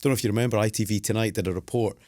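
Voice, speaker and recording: A man hosting a football podcast, trading quick banter and asking questions. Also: lowish voice, steady tone, dark tone, dry recording, clean studio sound. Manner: chatty, quick interjections and banter. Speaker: host. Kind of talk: casual podcast chat.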